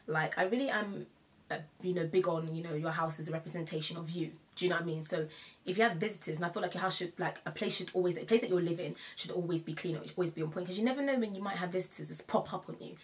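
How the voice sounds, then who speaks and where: A young adult woman talks straight to her camera in a loose, chatty vlog. Her voice sits a little low for a woman. She laughs often and leans on repeated phrases for emphasis. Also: quick pace. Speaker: vlogger. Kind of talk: casual to-camera chat.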